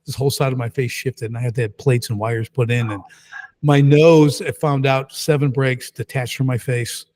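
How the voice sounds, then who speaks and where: A middle-aged man, a podcast guest, telling his story in a casual, lively and emphatic way. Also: medium pitch, normal speed. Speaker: guest entrepreneur.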